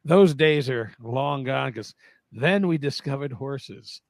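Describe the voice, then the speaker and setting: A man's voice: mid-range voice, expressive, slow, dry recording. A middle-aged man from New Jersey in a casual radio chat, telling rambling stories and often interrupting himself. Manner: rambling storyteller, self-interrupting.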